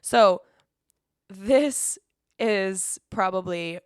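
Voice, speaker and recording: A woman's voice: medium pitch, clear, resonant tone, no room sound, clean studio sound. A young woman hosting a casual solo podcast, rambling, swearing freely and laughing as she talks. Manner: rambling, cursing, quick laughs. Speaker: podcast host.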